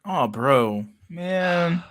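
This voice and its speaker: Host: man, animated profane storyteller. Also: fairly high pitch, extremely slow, dry recording. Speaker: podcast host. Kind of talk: casual chat.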